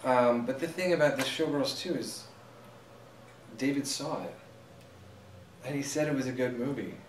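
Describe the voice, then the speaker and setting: A man's voice: medium pitch, moderate pace. A man, an actor and director, chatting eagerly as an interview guest and readily plugging his own work. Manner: eager, self-promoting, chatty. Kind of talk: casual interview chat. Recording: echoey room, mic at a distance, faint ambient noise.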